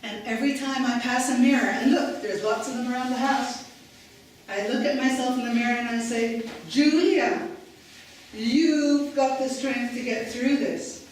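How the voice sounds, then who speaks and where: A woman's voice: fairly high pitch, fairly even intonation, normal speed, a little hiss or hum, natural voice. A woman doing her spirited ninety-two-year-old aunt. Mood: upbeat, wise. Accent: slight foreign accent. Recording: echoey hall from far off.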